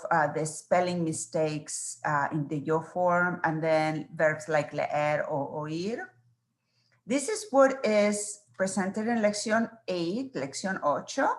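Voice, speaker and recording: Slow, patient woman teaching verbs. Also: mid-range voice, roomy sound. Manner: slow, patient, spells out verb forms one by one. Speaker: Spanish teacher. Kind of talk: exam review lecture.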